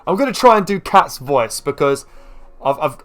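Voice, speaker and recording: A man chatting quickly and self-deprecatingly while commenting on his gameplay. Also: a little high, sing-song, fairly bright tone. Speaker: gameplay video creator. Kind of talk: let's play commentary.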